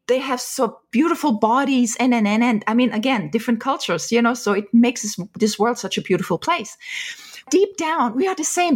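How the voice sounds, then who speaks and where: A woman with a fairly high voice talks through her ideas in an interview. She explains patiently and leans on everyday examples to make each point land. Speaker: animal communicator guest.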